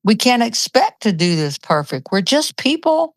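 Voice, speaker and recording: A woman's voice: on the high side, big pitch swings, moderate pace, dry recording. A woman in her seventies chatting casually as host, telling stories and acting out what people said. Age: 70s. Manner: chatty storyteller, acts out quotes. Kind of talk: casual chat.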